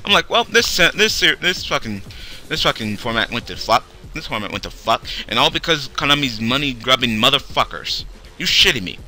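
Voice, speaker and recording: Ranting young man, bright and swearing. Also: medium pitch, lively intonation, a little fast, soft background music. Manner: angry, swearing, sarcastic, swinging loud to mumbling. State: tired, low on energy. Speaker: YouTube card game video host. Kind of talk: profane rant to camera.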